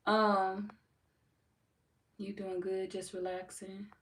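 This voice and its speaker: A woman's voice: mid-range voice, flat delivery, extremely slow. Laid-back woman reading chat, roomy echo. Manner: laid-back, swears freely, laughs often. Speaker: tarot reader streaming live. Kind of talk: casual live-stream chat reading comments. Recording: roomy echo from far off mic, faint background noise.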